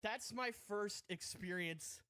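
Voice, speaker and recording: A man's voice: high-pitched, slow pace, bright, forceful tone, clear, resonant tone, no echo. A man on a podcast telling a self-mocking comic story, rambling and breaking into laughter. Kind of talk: casual comedic storytelling.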